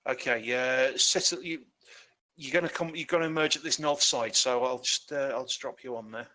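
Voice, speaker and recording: Male game master, bright tone, halting narration. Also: medium pitch. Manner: loose and halting, with many fillers and restarts.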